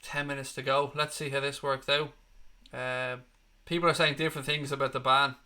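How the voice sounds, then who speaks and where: Hosting a live football watchalong, a fan channel presenter swears freely and reacts bluntly as he walks his viewers through the match. His mid-range voice shows little pitch movement and runs at a moderate pace, bright and forceful, with a clear, resonant tone.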